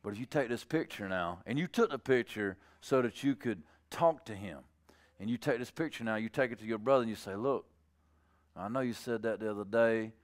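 A man preaching a sermon to his congregation in a folksy, plainspoken way. He jokes with the listeners and swings from low, soft phrases to loud, high bursts. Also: lively intonation, brisk. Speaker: pastor.

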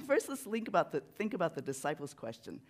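A preacher giving a sermon in a church sanctuary, talking in a conversational, animated way that tells a story. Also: medium pitch, brisk.

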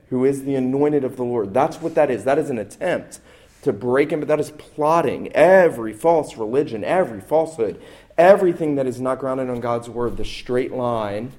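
A male preacher delivering a sermon in a mid-range voice. He swells in force on key phrases and slows to a deliberate crawl when quoting scripture. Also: medium pitch, a little mellow. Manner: emphatic, rising on key phrases, slowing to stress quotes.

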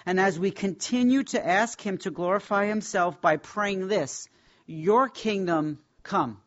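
A man teaching a Bible class, speaking in an emphatic, reverent way and slowing down to stress key words. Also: high-pitched, a bit bright, dull audio.

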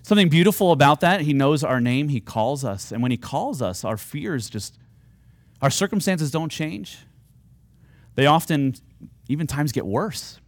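A man's voice: on the high side, sing-song, moderate pace, dry recording. A man preaching a sermon, earnest and at times rising to fervent, pleading appeals. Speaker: pastor.

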